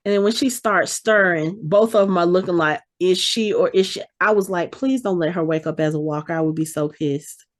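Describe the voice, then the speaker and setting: A woman's voice: on the low side, brisk, few pauses. A woman co-hosting a podcast, animatedly recapping an episode in casual chat and acting out the characters' lines as she goes. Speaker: podcast co-host.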